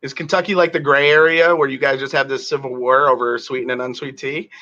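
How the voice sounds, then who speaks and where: A man's voice: medium pitch, fairly even intonation, a little fast, pushed and bright, lo-fi sound. A man from the northern United States hosting a webinar, joking and rambling with lots of fillers. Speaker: webinar host. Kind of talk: casual chat.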